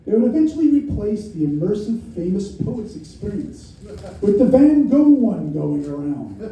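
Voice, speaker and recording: A middle-aged man with a New York accent reads his poetry aloud at a live variety show, in a wry, deadpan way with many repetitions. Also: high-pitched, moderate pace, gravelly, muffled recording. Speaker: poet reading his work. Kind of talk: spoken-word poetry reading. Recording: very echoey room from far off, faint noise.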